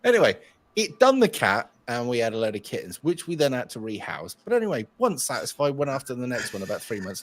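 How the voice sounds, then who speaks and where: Brief: man, co-host, animated swearing storyteller with a lively, wide-ranging pitch. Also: fast talker, dry recording. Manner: profane, animated, frequent "right?" asides. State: tired from lack of sleep. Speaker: stream co-host. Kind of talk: crude anecdote storytelling.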